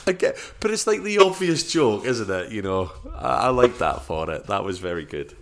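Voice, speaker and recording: Man, low voice, podcast co-host, relaxed rambling film chat. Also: normal speed. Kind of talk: casual movie review chat.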